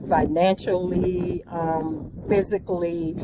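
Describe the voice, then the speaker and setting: A woman's voice: lowish voice, level tone, takes it slowly. A middle-aged woman rambling earnestly and prayerfully on a morning walk, talking into a handheld phone with many ums. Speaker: vlogger. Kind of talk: rambling walk-and-talk monologue. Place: outdoors on a morning walk by the bay. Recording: outdoor traffic and wind noise.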